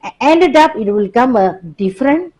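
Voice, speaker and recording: A woman teaching a workplace class, lively but slowing for deliberate emphasis. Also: high-pitched, rough recording. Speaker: workplace trainer. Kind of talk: classroom lecture.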